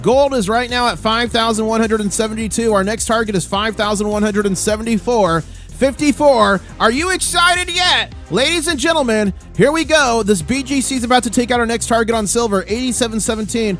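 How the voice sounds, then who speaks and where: A man with a fairly high voice runs a live market stream, rattling off prices in a hyped, auctioneer-like rush. Soft music plays faintly underneath him. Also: a little fast. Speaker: livestream host.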